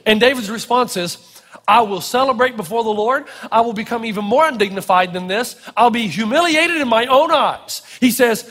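A high-voiced man preaching in a church, his words carrying a long hall reverb. He talks in an animated, playful way, jumping into little acted-out voices. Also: fairly quick. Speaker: pastor. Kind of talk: sermon.

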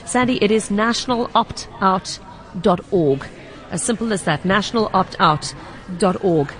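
A woman hosting a radio consumer call-in show, talking in a measured, conversational way. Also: mid-range voice, animated, fairly bright tone. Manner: measured, conversational, reads listener messages aloud.

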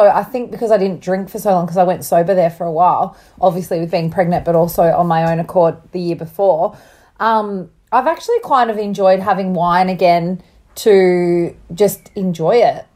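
Bubbly young mum, rambling chatty co-host, laughs a lot, slight cough. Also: female voice, mid-range voice, a little fast, darkish tone. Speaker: podcast co-host. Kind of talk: casual chat.

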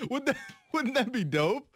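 A man co-hosting a sports radio show, playful and quick to laugh in casual banter. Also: very high-pitched, husky. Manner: playful, laughs easily, lively.

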